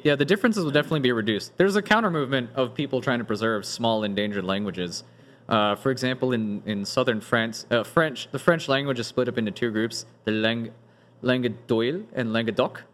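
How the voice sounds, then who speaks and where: Speaking fairly quickly, a male host of average pitch rambles through explanations during a casual podcast chat with friends. His sentences keep restarting, and fillers like "like" crop up constantly.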